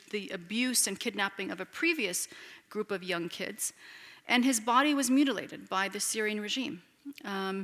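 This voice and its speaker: A woman, an author taking questions at a public talk, speaks in an animated way with frequent restarts and "you know.". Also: medium pitch. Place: lecture hall with an audience. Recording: long hall reverb.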